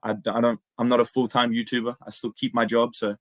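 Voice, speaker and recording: A man's voice: mid-range voice, flat delivery, fairly quick, dry recording. Laid-back young Australian man. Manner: laid-back, slangy, lots of "dude" and "man". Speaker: guest, MMA impressionist. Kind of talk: casual interview chat.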